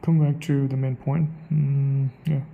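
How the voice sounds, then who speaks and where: Gravelly, flat-voiced man musing aloud. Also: mid-range voice, moderate pace, narrow, tinny audio, slight background noise. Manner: muses aloud, repeats phrases to try them out. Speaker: accent practice vlogger. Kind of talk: thinking-aloud monologue.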